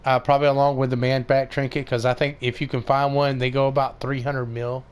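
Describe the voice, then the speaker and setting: A man's voice: medium pitch, flat delivery, fairly quick, clean tone. Rambling man narrating a game tutorial. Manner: rambling, many fillers and restarts. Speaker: gaming video creator. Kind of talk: casual game tutorial commentary.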